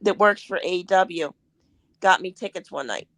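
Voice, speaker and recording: A woman's voice: fairly low pitch, moderate pace, fairly bright tone, dry recording. Woman guest telling anecdotes, dry sound. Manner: anecdotal storytelling, acts out quotes. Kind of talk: casual chat.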